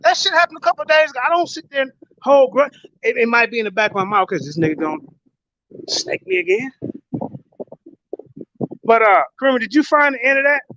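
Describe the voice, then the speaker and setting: A man's voice: extremely high pitch, expressive, rapid-fire, bright, forceful tone, slight background noise. A man moderating a heated online panel argument, talking bluntly and profanely and repeating himself. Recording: dull lo-fi audio.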